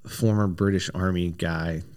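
A man, a former army special operations soldier, telling long stories as a podcast guest, animated and full of fillers and restarts. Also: low-pitched, unhurried. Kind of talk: casual interview storytelling.

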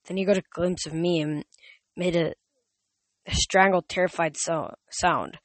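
A man's voice: high voice, moderate pace, no echo. A man reading a novel aloud, often stumbling and correcting himself. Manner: frequent slips and self-corrections. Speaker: reader.

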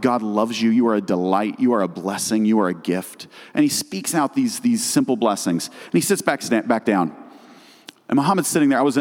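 A man's voice: medium pitch, darkish tone, long reverb tail. A middle-aged missionary man giving an earnest church testimony, telling a story with many small restarts. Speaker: missionary speaker.

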